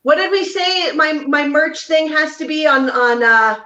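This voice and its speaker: Woman panel guest, high and unhurried; roomy, lo-fi video call. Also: lively intonation, bright, forceful tone. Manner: slow, laughing, chiming in. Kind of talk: casual livestream chat.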